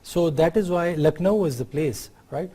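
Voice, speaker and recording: Pakistani male lecturer, fairly high and warm-toned voice, explanatory delivery that keeps checking in with students. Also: moderate pace, husky. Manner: explanatory, often adds tag questions to check understanding. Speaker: university lecturer. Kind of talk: university lecture.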